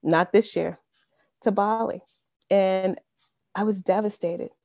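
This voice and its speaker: An earnest woman in her fifties shares a personal faith testimony over a video call, her voice low, warm and gravelly. She talks conversationally with a lot of "you know", and the sound is close and dry. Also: fairly even intonation, slow, no echo. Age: 50s. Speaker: speaker sharing a testimony.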